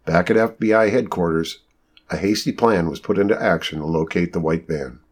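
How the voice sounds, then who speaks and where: A man's voice: fairly quick, slightly rough. A man reading a novel aloud as narrator, lifting his voice for the characters' lines. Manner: lively storytelling, raises pitch for quoted characters. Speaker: audiobook narrator. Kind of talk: scripted narration.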